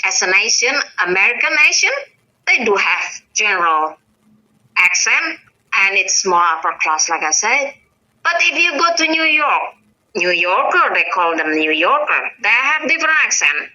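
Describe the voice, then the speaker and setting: Bright-voiced Indonesian-accented woman, lively. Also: lo-fi sound. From North Sumatra, Indonesia. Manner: animated, frequent pitch rises, searching with uh and um. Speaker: guest explaining language. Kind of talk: casual explanatory chat.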